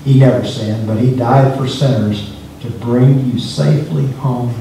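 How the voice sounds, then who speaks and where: Preacher's voice echoing from afar. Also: male voice, medium pitch, a little slow, vocal fry, dark tone, a little hiss or hum. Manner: emphatic, repeats words when speeding up. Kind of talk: sermon. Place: church sanctuary. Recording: echoey church from far off.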